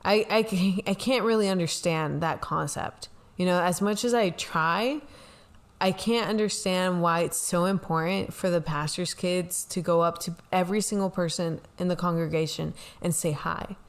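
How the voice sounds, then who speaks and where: A woman's voice: on the low side, moderate pace. A young woman co-hosting a talk show, telling a personal story in a rambling, casual way, full of "like" and "you know.". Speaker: podcast co-host, pastor's kid. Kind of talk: casual confessional chat.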